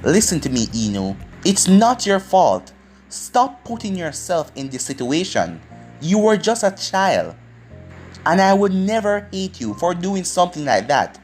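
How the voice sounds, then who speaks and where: A reader voicing a gentle, reassuring young man. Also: mid-range voice, sing-song, measured pace, soft background music. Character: young man comforting a crying girl.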